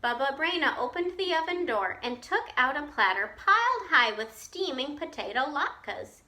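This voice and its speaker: A woman teacher reading a children's picture book aloud, slowly and expressively, pausing to explain to her listeners. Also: high voice. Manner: slow, expressive storytelling with asides to listeners.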